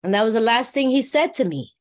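Middle-aged woman from New York, high voice, heartfelt and conversational recovery share. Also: animated, fast. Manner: heartfelt, conversational, often asks "you know what I mean". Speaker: workshop speaker.

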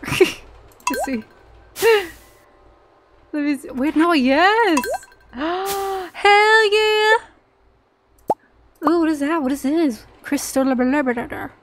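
Eine Frau, die locker und aufgeregt ein Spiel kommentiert, oft nach Luft schnappt und kichert. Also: female voice, high-pitched, noisy background. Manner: excitable, gasping and giggling often. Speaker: gaming channel host. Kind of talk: casual gameplay commentary. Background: soft game music.

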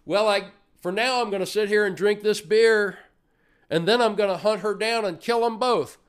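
Sour hillbilly bar chicken with a higher, louder voice, complaining drawl, as a man puts it on. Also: normal speed, clean tone, natural voice. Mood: griping. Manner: drawling, aggrieved griping.

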